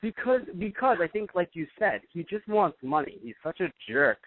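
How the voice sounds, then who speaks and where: Animated young man with a tinny sound. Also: high-pitched, moderate pace, no room sound. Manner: animated, rambling, slips into mocking impressions. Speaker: podcast host. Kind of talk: casual review chat. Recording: dry, tinny phone-like sound.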